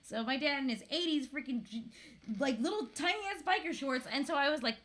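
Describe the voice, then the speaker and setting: A woman's voice: sits high, fairly quick, fairly bright tone. A woman in her thirties from Florida, chatting casually to camera as a vlogger, laughing often and swearing freely.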